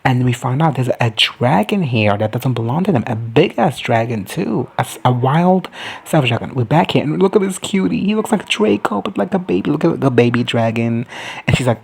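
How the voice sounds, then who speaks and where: A man's voice: medium pitch, expressive, brisk, vocal fry, a little mellow, husky. A man giving a casual, profane and campy recap of a TV episode, slipping into mocking voices for the characters. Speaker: recap commentator.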